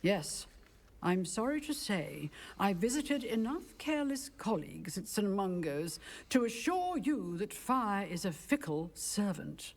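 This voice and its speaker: An actress playing a stern, formal magic professor in a video game, giving dry warnings. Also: female voice, medium pitch, sing-song, a little slow. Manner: crisp, formal, dryly warning. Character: stern, dry female magic teacher, middle-aged.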